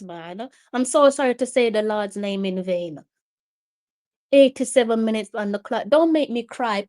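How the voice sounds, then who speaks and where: A woman with a Jamaican accent and a fairly high voice, hosting a live match watch-along. She talks with raw emotion, pleading with the players and slipping between Patois and English as her reactions tumble out. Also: animated, normal speed, a little mellow.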